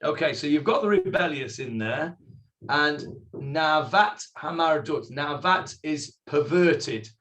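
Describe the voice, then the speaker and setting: Man, Bible class teacher, unhurried, somewhat high-pitched, questions the class. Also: lively intonation, a bit bright. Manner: explains slowly, quotes figures in character, asks students questions. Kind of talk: text study class.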